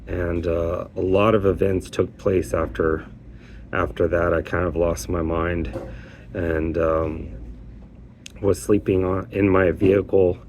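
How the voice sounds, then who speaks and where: A man who works as a petition worker, telling his own story in a casual, rambling, halting way, often restarting his sentences and sounding aggrieved. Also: deep voice, a little mellow, a little hiss or hum.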